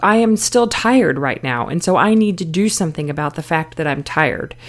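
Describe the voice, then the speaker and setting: A woman's voice: deep voice, animated, moderate pace. A middle-aged woman hosting a self-help podcast, talking in a conversational way with many fillers and restarts. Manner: conversational, frequent "you know" fillers and restarts. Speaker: podcast host. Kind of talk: casual self-help talk.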